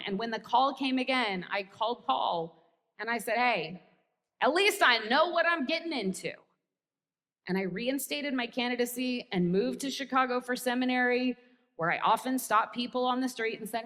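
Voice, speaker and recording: A woman's voice: fairly high pitch, fairly bright tone. American woman pastor, sermon with wry self-mocking humor, long church-hall reverb.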